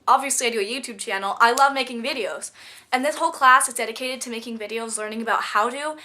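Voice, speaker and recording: A woman's voice: a little high, sharp tone. A teenage girl vlogging about her school classes in a bubbly, gushing way, sounding stuffy from a cold. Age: teens. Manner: bubbly, gushing, rapid chatter. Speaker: student vlogger. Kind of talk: casual vlog chat.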